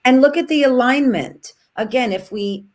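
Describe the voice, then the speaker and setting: A woman's voice: high voice, moderate pace, darkish tone. A woman on a casual podcast, speaking reflectively and building her points in long flowing lists.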